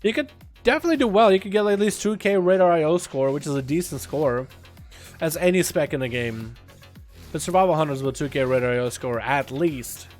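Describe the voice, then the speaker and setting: A young man livestreaming a video game in a casual chat, reading and answering his chat, with sudden loud excited outbursts. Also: a little high, brisk, faint music behind. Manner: chatty, reads and answers chat, bursts into loud excited outcries.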